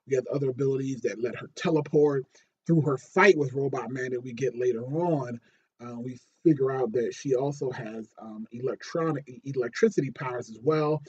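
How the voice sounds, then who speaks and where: A man's voice: mid-range voice, normal speed, slightly rough, lo-fi sound. A man casually reviewing a TV episode, rambling with fillers and restarts and getting worked up when he retells scenes. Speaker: TV show reviewer.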